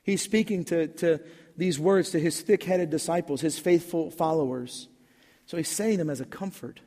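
A pastor preaching his sermon in a relaxed, conversational way that rises into emphatic bursts. His voice sits a little high for a man. It rings out with the long reverb of a church hall. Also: normal speed.

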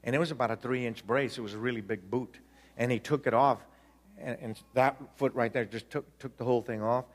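A man giving an animated personal testimony, acting out voices, laughing and repeating himself as he tells it. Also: mid-range voice, fairly quick.

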